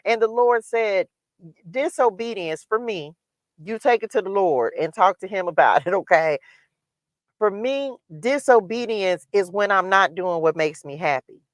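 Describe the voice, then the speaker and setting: A woman's voice: medium pitch, animated, measured pace, no room sound. Candid woman giving a dry spiritual testimony. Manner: candid, repetitive testimony style. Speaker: livestream host. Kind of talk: spiritual motivational talk. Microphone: livestream microphone.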